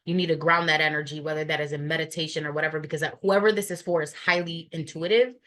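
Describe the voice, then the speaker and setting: A woman's voice: low voice, fairly even intonation, fast talker, fairly bright tone. A woman giving a casual tarot reading to camera, blunt and profane, rambling with many fillers. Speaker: tarot reader.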